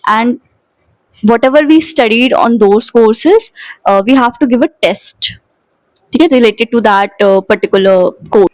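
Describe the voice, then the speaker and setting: A young Indian woman in her twenties talks casually to her vlog viewers in a slightly high voice. Her Indian English accent is clear, and Hindi words slip into her talk. The sound is close and dry. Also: normal speed, no echo, poor audio. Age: 20s. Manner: chatty, mixes Hindi into English. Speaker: vlogger. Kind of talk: casual chat.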